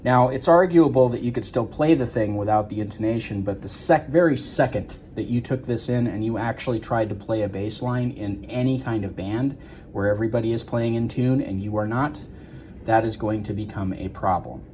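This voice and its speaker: Low-voiced man explaining guitar repair. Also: normal speed, darkish tone, slight background noise. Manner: rambling, many fillers and restarts. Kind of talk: casual workshop explanation.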